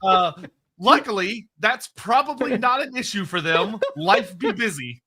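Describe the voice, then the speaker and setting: Man, high pitch, bright tense voice, rambling livestream chat, laughs a lot. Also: expressive, measured pace. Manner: rambling, restarts, laughs often. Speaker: co-host answering chat questions. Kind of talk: casual livestream lore chat.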